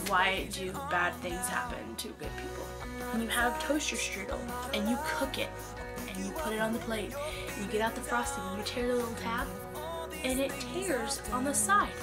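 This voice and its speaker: A woman's voice: a little high, moderate pace, over loud music. A young woman vlogging casually to camera, chatty, with many "like"s and a sore throat. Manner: chatty, animated storytelling with many "like"s.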